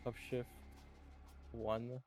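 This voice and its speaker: A man playing a tabletop game, soft-spoken and unsure, often checking the rules. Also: medium pitch, level tone, extremely slow. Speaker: player. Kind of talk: casual tabletop gaming chat.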